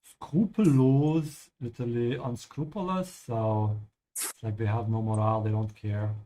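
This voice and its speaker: Professor de idiomas paciente, homem. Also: male voice, lowish voice, steady tone, moderate pace, dark tone. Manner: patient, checks in with "yeah?". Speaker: language teacher. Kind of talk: explaining vocabulary over gameplay.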